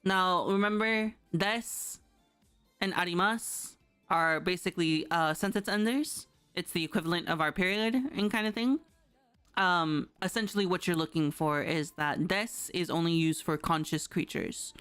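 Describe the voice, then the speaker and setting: A woman with a low, smooth and clear voice teaches on a casual livestream. She talks loosely, packing her lines with fillers and a checking "right?". Faint music plays underneath. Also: moderate pace. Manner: chatty, loose, full of fillers and rhetorical "right?". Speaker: streamer teaching Japanese. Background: soft background music.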